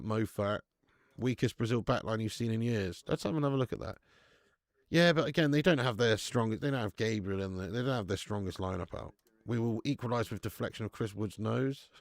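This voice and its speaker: Creaky-voiced lad hosting a watch-along. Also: male voice, lowish voice, big pitch swings, moderate pace, no echo, studio quality. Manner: casual, chatty, banters with viewers, swears. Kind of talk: live football watch-along commentary and chat reading.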